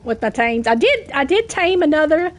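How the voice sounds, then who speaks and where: A woman with a Southern US accent, chatting casually while streaming a game, getting over a cough, self-deprecating and quick to laugh. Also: high-pitched, sing-song. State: coughing from a cold.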